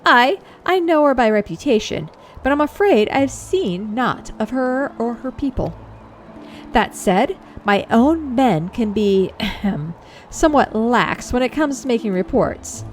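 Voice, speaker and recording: A woman's voice: a little high, animated, measured pace, slight background noise. A woman voicing a proud male knight leader in a fantasy game who speaks in formal, old-fashioned phrasing. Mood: courteous. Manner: archaic courtly speech, dramatic exclamations.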